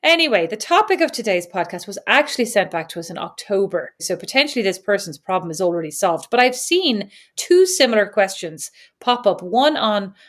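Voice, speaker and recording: A woman's voice: mid-range voice, sing-song, brisk, hardly any pauses, fairly bright tone. Chatty woman podcast co-host. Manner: chatty, laughs often, acts out kids' voices. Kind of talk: casual chat.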